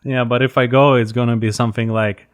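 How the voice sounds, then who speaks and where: A man from Russia with a Russian accent hosting a casual interview, speaking haltingly with frequent restarts. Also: mid-range voice, little pitch movement. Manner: halting, with many restarts and fillers. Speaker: interview host.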